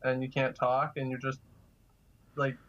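A man's voice: mid-range voice, completely flat delivery, measured pace, fairly bright tone, dull audio. A man telling casual stories as a guest, chatty and laughing through his anecdotes. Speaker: guest, kidney donor. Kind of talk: casual storytelling.

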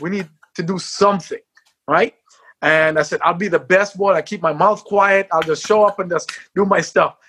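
A man, a former sprinter, telling his life story in an interview, acting out quotes and shouting at the peaks. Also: high voice, steady tone, moderate pace, breathy edge.

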